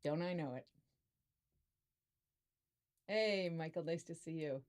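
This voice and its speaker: A woman's voice: low voice, slow, darkish tone. A woman co-hosting a casual livestream, chatty and playful as she greets viewers. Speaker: livestream co-host. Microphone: studio microphone.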